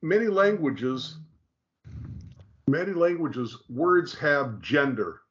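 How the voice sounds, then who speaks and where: A man's voice: a little high, animated, slow pace, dull audio. A man teaching in a conversational way, emphatic and repetitive, often checking in with "okay?". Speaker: teacher explaining Hebrew.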